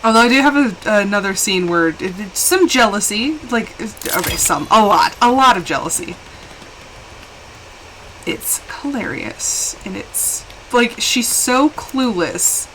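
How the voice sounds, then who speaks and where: A woman chatting casually while live-streaming a game, rambling and quick to laugh, switching between hushed asides and excited bursts. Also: medium pitch, noisy background.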